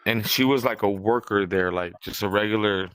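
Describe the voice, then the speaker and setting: A man's voice: lowish voice, normal speed, fairly bright tone, dry recording. A young man from California co-hosting a podcast, rambling in casual chat, swearing freely and often restarting his sentences. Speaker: podcast co-host.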